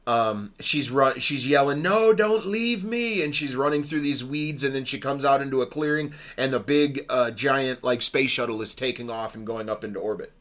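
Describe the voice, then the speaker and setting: Male podcast co-host, casual, halting movie recap full of fillers. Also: medium pitch, fairly even intonation, fairly bright tone. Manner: rambling, many ums and restarts.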